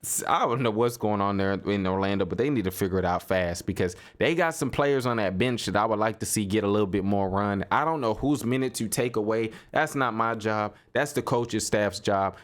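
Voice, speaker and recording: A young man hosting a casual solo basketball podcast, talking in a loose, animated way, repeating himself and laughing as he riffs on games. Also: fairly low pitch. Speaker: sports podcast host. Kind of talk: casual solo sports commentary.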